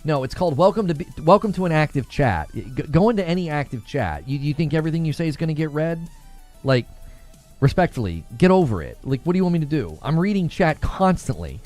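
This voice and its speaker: Guy streaming and reading chat, laughs a lot, bouncy lively voice, slightly high, dry close mic with faint music. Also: brisk. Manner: animated, laughs often, talks back to chat. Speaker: livestream host reading chat. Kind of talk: casual livestream commentary.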